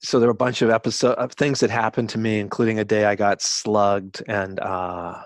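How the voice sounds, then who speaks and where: A man in his sixties, a guest writer telling stories in an interview, reflective and halting, with frequent restarts. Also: on the low side, flat delivery, dry recording, studio quality. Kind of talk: interview conversation.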